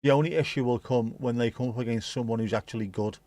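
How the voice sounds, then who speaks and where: A man's voice: medium pitch, fast talker, darkish tone, no echo. A man chatting casually through a live football watch-along, rambling, joking and swearing freely. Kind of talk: casual live match commentary chat.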